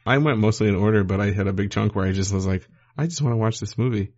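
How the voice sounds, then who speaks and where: Relaxed, offhand man co-host. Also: lowish voice, fast, muffled recording. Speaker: podcast co-host. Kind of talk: casual movie-review chat.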